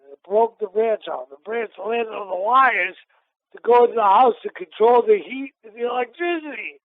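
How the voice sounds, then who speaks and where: A man's voice: sits high, moderate pace. A middle-aged man from Massachusetts, a retired boxer, telling rambling stories with many restarts and repeats in a casual interview. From Massachusetts, USA. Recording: tinny phone line on a radio show.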